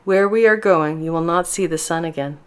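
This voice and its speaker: A woman voicing a calm, protective brother. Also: lowish voice, moderate pace, smooth, natural voice. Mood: reassuring. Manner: calm, reassuring, gentle. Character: protective Russian man, calm older twin brother.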